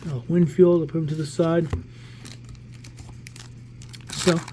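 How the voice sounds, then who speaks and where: A man's voice: fairly high pitch, slow, a little hiss or hum. A man in his forties from the New York area, chatting casually and rambling as he opens a pack of cards. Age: 40s. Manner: relaxed, rambling, thinking aloud with restarts. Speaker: card collector vlogger. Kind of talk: casual pack-opening commentary.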